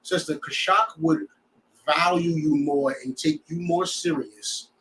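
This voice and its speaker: A man's voice: fairly high pitch, expressive, a little slow, a bit bright, far from the mic, a little hiss or hum, low-quality recording. A man teaching a scripture class in a blunt, preachy way, full of rhetorical questions.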